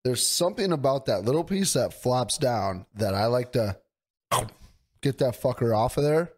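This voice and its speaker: Hoarse young guy co-hosting a podcast, eager and profane, mid-range voice. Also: mid-range voice, normal speed. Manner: excitable, swears a lot, laughs often. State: hoarse, voice mostly gone. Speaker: podcast co-host. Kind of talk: casual chat.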